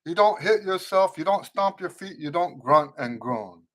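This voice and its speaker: Man, higher voice, trumpet teacher, live-stream Q&A, earnest, instructive, repeats phrases for emphasis, greets viewers. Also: animated, moderate pace, a bit bright. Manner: reads viewer comments aloud and greets them.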